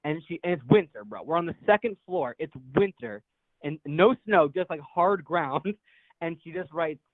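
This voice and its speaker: A man's voice: on the high side, expressive, normal speed, no echo. A young man calling in, telling a rambling, profane story and laughing as he goes. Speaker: caller. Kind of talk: casual storytelling. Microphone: phone. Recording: tinny phone line, dry.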